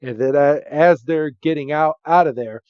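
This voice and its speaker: A man's voice: a little high, moderate pace, no room sound. Man recapping a movie, dull dry sound. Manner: animated retelling with frequent fillers. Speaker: podcast host. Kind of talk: casual movie recap chat.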